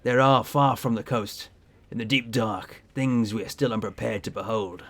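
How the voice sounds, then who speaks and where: A man reading the lines of a gruff old male sea captain who drinks alone, in a slow, heavy storytelling way. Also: on the low side, steady tone, a bit bright, voice pushed down.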